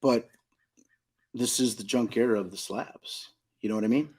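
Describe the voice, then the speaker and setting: On a casual podcast, a middle-aged card shop owner from Southern California makes his points emphatically, repeats them, and checks in with "you know what I mean?" His mid-range voice moves at a moderate pace, a little mellow with a breathy edge.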